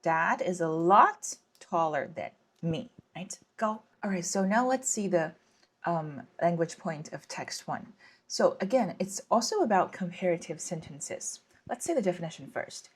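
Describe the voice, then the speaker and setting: A woman teaching a language lesson at an unhurried pace, with a slightly breathy, husky tone and a fairly low voice. She talks patiently, saying each word twice and often checking in with the learner. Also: animated. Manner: patient, repeats words, checks in with "right?".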